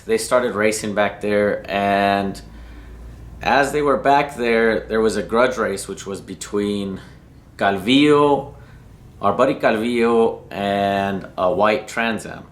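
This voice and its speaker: A man's voice: on the low side, slow. A man from New Mexico casually telling a story about drag racing, slangy and rambling and cursing freely. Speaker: racing vlogger.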